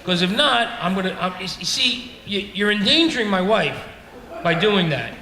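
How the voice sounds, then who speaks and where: A man's voice: high voice, big pitch swings, moderate pace, sharp tone. A middle-aged man doing a stand-up comedy set in a club, ranting in an exasperated, self-mocking way. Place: comedy club stage with laughing audience. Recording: echoey club room with reverb.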